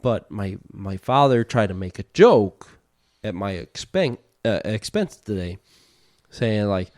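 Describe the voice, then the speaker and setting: A young man co-hosting a casual podcast, jumping between topics and telling stories deadpan, with frequent laughs. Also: lowish voice, unhurried, no room sound, clean studio sound. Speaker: podcast co-host. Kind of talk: casual chat.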